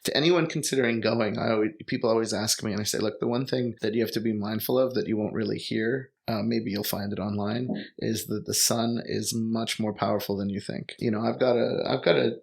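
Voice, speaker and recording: Young guy from canada rambling about travels, low gravelly voice, pretty monotone. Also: a little fast, few pauses. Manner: relaxed, rambling, many fillers. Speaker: guest. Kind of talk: casual storytelling conversation.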